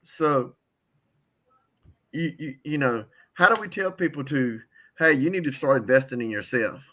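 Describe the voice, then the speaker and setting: An older man gives a heartfelt, emotional testimony on a call, his medium-pitched voice pushed and bright. He halts and repeats words as he becomes tearful.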